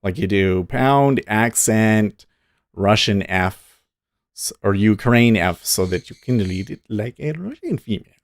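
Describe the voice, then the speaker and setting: A man's voice: fairly low pitch, lively intonation, unhurried, dry recording, studio quality. A man hosting a live day-trading stream, thinking aloud and cheering on his trades in easy casual chat.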